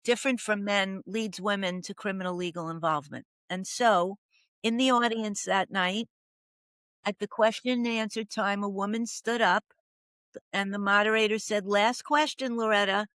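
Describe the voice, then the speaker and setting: A woman's voice: mid-range voice, fairly even intonation, moderate pace, a bit bright, no echo. An older woman telling her story as a podcast guest, dramatic, acting out the voices she quotes. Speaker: podcast guest, professional coach. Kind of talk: storytelling interview.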